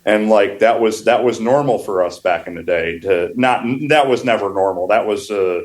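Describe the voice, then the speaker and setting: A man's voice: lowish voice, moderate pace, a little hiss or hum, poor audio. A man from upstate New York, a flooring contractor, telling rambling work stories in casual podcast talk, laughing often and restarting his phrases. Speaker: wood flooring contractor guest.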